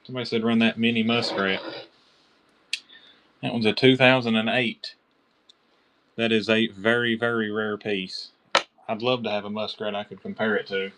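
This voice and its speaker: Kentucky man, low-pitched, excitable live auction seller who keeps naming his bidders. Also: moderate pace, long pauses, a little hiss or hum. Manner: chatty, excited, calls out bidders by name. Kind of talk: live-stream auction selling.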